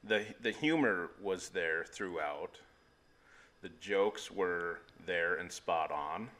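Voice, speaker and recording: Low, bright-toned man co-hosting a loose comedy movie podcast, upbeat and repetitive. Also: animated, slow pace. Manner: enthusiastic, repeats words while searching for them. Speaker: podcast co-host. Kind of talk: casual comedy movie chat.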